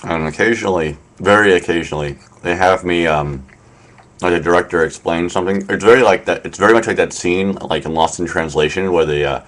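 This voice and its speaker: A man hosting a casual live stream from his room, rambling with lots of fillers and a wry tone. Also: sits low. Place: apartment in Tokyo.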